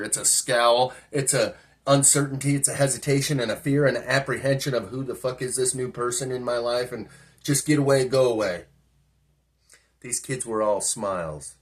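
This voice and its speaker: A man telling a personal story in a rambling, musing monologue, often asking himself questions. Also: mid-range voice. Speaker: vlogger.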